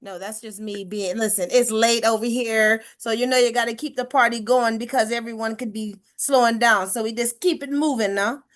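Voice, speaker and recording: A woman hosting over a video call, lively and playful, laughing easily. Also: fairly high pitch, normal speed, few pauses. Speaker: next segment host. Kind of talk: casual hosting chat.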